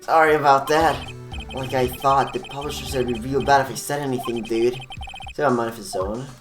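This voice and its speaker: A man voicing a spacey, laid-back male TV actor who talks loudly with an airy drawl, heard from a distant mic with game music behind. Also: mid-range voice, steady tone, fairly quick, roomy sound, close to an everyday voice.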